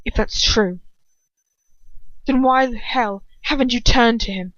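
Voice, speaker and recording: A woman voicing an anguished young man, talking quietly in a strained voice that slips into whispers, on a dull lo-fi recording. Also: a little high, measured pace, no room sound.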